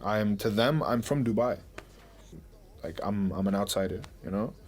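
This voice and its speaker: A man's voice: fairly low pitch, moderate pace, darkish tone. A young man from the United Arab Emirates, a rapper speaking candidly and bluntly in a documentary interview, often adding "you know".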